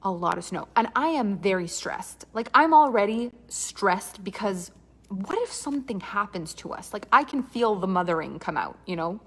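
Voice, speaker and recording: Animated woman telling a comic story. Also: medium pitch, normal speed, breathy edge. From Canada. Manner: animated, dramatic asides and quoted dialogue.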